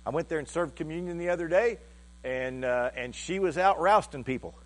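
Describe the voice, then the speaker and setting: A male pastor preaching a sermon in a halting, heartfelt way, often repeating words as he restarts. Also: on the high side.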